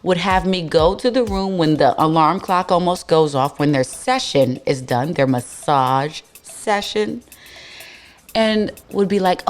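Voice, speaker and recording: A young woman hosting a podcast tells a story in a blunt, slangy, animated way. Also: fairly low pitch, measured pace, slight background noise. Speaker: podcast host. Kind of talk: casual storytelling monologue.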